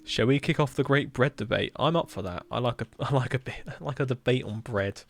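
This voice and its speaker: A man's voice: medium pitch, fairly quick, gravelly, faint music behind. A man with a Hampshire accent chatting casually on a live stream, reading chat and laughing often. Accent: Hampshire English. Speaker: livestreamer.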